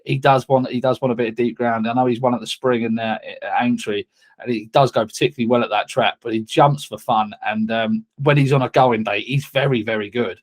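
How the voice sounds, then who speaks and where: A man's voice: medium pitch, fairly even intonation, brisk. Hesitant male racing tipster. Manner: hesitant, restarts often. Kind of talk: casual podcast chat.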